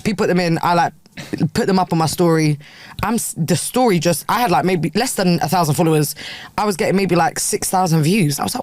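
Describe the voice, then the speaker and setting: A woman's voice: lowish voice, darkish tone, no room sound. A young woman from southern England, a podcast guest telling stories in a casual, laughing way. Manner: laughing, chatty storyteller with quick asides. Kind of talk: casual chat.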